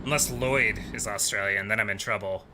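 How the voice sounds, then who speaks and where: A man's voice: on the low side, fairly quick, background noise. A man chatting with his viewers on a livestream while driving in a game, rambling on easygoing and sleep-deprived.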